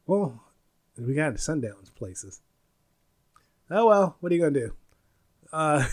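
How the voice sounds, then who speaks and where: A man in his forties from the United States, hosting a casual solo podcast, rambling, laughing often and searching for words. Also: a little high. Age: 40s. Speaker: podcast host.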